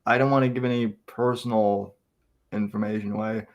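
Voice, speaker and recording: A man's voice: on the low side, steady tone, fairly quick. A man talking casually on a podcast, hesitant and stammering, often restarting his sentences. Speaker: podcast co-host.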